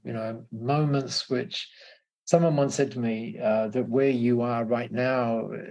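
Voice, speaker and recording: Man, guest, gravelly mid voice, halting storyteller who repeats himself. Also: mid-range voice, darkish tone. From Australia. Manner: halting, repeats words, laughs often. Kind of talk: casual conversational storytelling.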